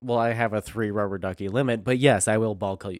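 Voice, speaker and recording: A man's voice: on the low side, fairly even intonation, fast talker, no echo, clean studio sound. A man co-hosting a podcast in crude casual chat, laid-back and going along with the jokes. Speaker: podcast co-host.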